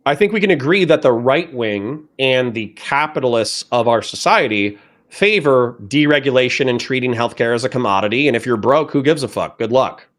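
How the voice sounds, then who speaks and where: A man arguing as a guest in a heated political debate, forceful, combative and profane. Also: mid-range voice, lively intonation, moderate pace.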